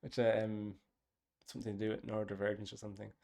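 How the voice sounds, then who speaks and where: A man's voice: on the low side, flat delivery, quick pace, vocal fry, warm tone. A man, casually talking through his app's design and thinking aloud with lots of fillers. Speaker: app developer. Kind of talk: casual dev log talk.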